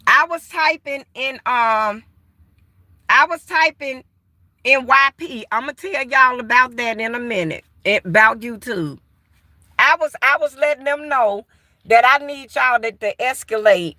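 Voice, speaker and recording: High-voiced older woman, blunt and profane. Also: no room sound. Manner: animated, blunt and profane, addresses listeners as y'all. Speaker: host. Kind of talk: casual storytelling chat.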